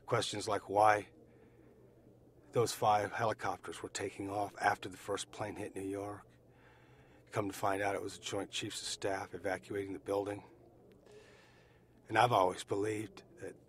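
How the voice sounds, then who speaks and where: Man, from the US, fairly low voice, eyewitness testimony, deliberate, repeats phrases, faint background noise. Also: a bit bright. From United States. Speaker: eyewitness survivor. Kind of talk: personal testimony.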